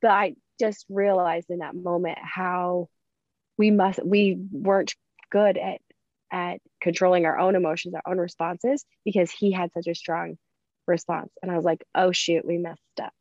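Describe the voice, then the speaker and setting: A woman's voice: fairly even intonation, normal speed, darkish tone, no echo. Chatty woman host, dull dry recording. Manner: chatty, laughs often, acts out quotes with big pitch jumps. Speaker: podcast host. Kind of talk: casual chat.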